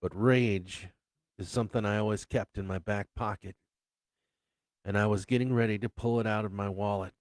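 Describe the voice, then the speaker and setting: Man, low voice, unhurried reflective reading, dry close recording. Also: fairly even intonation, a little mellow, no echo. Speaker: author reading his own book. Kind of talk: first-person memoir-style story reading.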